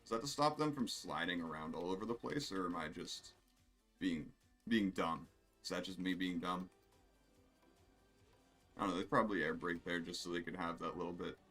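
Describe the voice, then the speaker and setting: Male streamer, low voice, casual rambling play-by-play, swears a lot, faint music underneath. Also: normal speed, pauses often, a bit bright. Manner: rambling, profane, self-amused. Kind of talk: casual gameplay commentary.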